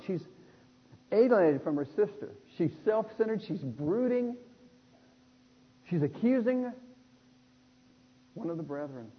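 Male preacher, expressive sermon delivery; slightly raised pitch, long hall reverb, dull recording. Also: normal speed, pauses often, breathy edge. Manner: animated, acts out the people in the text.

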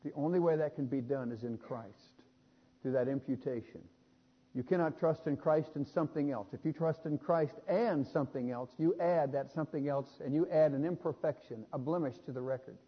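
A man preaching a sermon, building to louder emphatic points and adding small jokes. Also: fairly high pitch, normal speed, slightly rough. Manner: emphatic, rising loud on key points, with jokes. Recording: dull sound with long hall reverb.

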